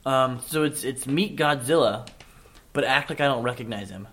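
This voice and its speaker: Male podcast co-host, deadpan comic delivery, casual and rambling. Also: mid-range voice, normal speed, husky. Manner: deadpan absurd jokes, frequent restarts. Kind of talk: casual comedic chat.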